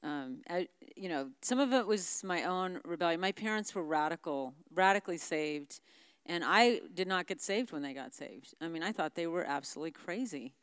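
A woman's voice: fairly low pitch, animated, normal speed, clear, resonant tone, no room sound, studio quality. A middle-aged woman speaking frankly and candidly about her family as a guest in a conversation. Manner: frank, confessional.

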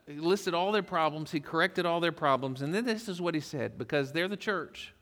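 Man, pastor, lightly raised pitch, folksy sermon delivery, long church-hall reverb. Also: fairly quick, fairly bright tone. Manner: folksy storytelling with humor.

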